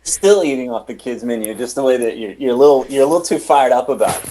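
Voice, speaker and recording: Rambling, animated man telling stories. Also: medium pitch, fast, background noise. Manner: rambling, animated storytelling with restarts. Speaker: podcast host, interview guest. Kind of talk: casual interview.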